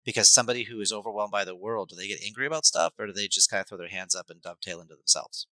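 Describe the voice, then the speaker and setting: A middle-aged man, a life coach and hypnotherapist, talking at length as a podcast guest and acting out scenes with sudden loud bursts. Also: fairly low pitch, very fast, no room sound, poor audio. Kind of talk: podcast interview, explaining at length.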